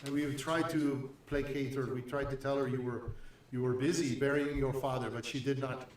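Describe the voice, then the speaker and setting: A man's voice: mid-range voice, fairly even intonation, fairly quick, a little mellow, slight background noise, close to an everyday voice. A man voicing a dutiful female house servant who politely explains. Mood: apologetic. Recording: echoey room, distant mic.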